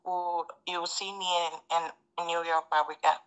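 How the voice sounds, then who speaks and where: A woman calling in while posing as a soldier, talking in a hurried, insistent way. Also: lowish voice, little pitch movement, smooth, low-quality recording.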